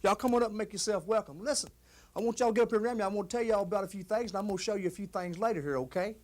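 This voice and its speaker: Kentucky man, high-pitched, folksy rambling drawl, fan-mail chat from the porch. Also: racing, darkish tone. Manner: drawling, rambling country talk. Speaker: wrestler talking to fans. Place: house porch.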